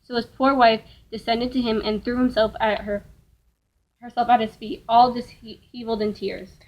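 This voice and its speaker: A woman's voice: on the high side, flat delivery, normal speed, lo-fi sound. A woman reading a fairy tale aloud carefully, correcting small slips as she goes. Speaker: reader.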